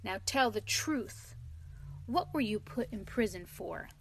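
A woman voicing a kindly, plain-spoken male engine driver with steady, homely speech in a storybook reading. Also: mid-range voice, slow pace, creaky, slight background noise. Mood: stern.

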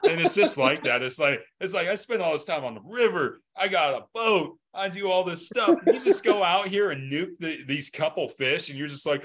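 A man's voice: a little high, moderate pace, few pauses, a bit bright. Laughing man telling anecdotes. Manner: laughing, storytelling, acts out quotes. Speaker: podcast co-host. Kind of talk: casual chat.

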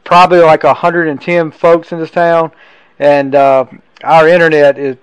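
A man's voice: on the high side, flat delivery, moderate pace, smooth, dry recording, dull audio. A man hosting a podcast from home, talking eagerly in casual interview style with frequent restarts. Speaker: podcast host. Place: home in a tiny town.

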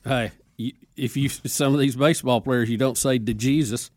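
A man's voice: medium pitch, fairly even intonation, normal speed, no echo. A man co-hosting a call-in radio show with a wry, dry humor. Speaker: radio co-host. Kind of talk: casual call-in radio banter.

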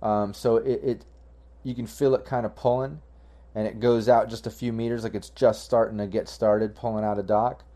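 A man's voice: on the low side, level tone, normal speed, warm tone. A man running a tabletop game as game master, rambling with fillers and restarts.

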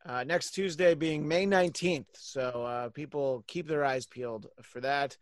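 A man's voice: on the high side, a little slow, dry recording, clean studio sound. A man hosting a podcast, wrapping up a casual chat and rambling with many ums and uhs. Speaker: podcast host.

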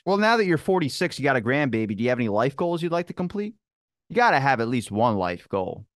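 A man hosting a podcast, telling a rambling story in a casual, animated way and swearing freely. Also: mid-range voice, fast, no room sound, clean studio sound. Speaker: podcast host. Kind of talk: casual chat.

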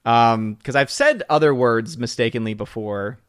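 A man's voice: mid-range voice, moderate pace, clear, resonant tone, no echo, clean studio sound. A man hosting a casual live stream, greeting viewers by name and reading chat comments. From southern United States. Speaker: livestream host.

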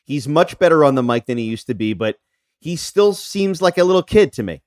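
Podcast cohost guy, halting and teasing, bouncy pitch, dry close sound. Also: animated, a little mellow, no room sound. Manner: hesitant, halting, restarts, teasing. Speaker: podcast co-host. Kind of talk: casual chat.

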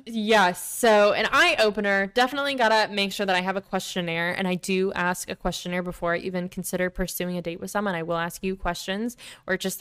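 Chatty young woman, smooth voice. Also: mid-range voice. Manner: chatty, lots of "like" fillers, animated retelling. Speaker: podcast host. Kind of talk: casual storytelling monologue.

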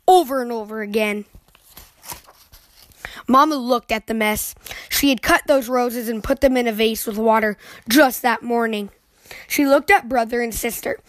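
A woman reading a children's picture book aloud in an expressive, lively way. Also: fairly high pitch, no room sound. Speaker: children's storyteller.

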